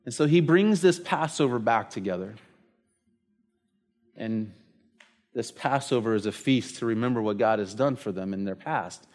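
Animated male pastor preaching. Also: mid-range voice, moderate pace, long pauses. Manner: storytelling, animated, conversational preaching. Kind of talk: sermon.

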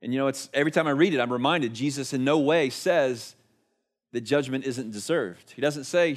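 A man's voice: mid-range voice, moderate pace. Man preaching a conversational sermon. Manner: conversational preaching with rhetorical questions; swings between emphatic and hushed delivery. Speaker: pastor.

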